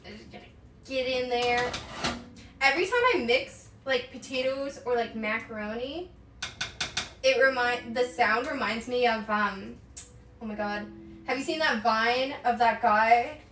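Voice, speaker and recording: This woman talks at a measured pace in a slightly high voice, far from the mic, giving a roomy sound with faint background noise. She's streaming from her home kitchen, chatting casually while she cooks and rambling with lots of fillers and giggles.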